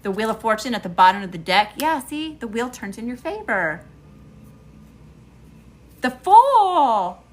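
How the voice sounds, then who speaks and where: Middle-aged Southern US woman, tarot reader, crisp bright tone, punchy and direct. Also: fairly high pitch, expressive, a little fast, few pauses. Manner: emphatic, talks straight to viewers. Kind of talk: live tarot reading.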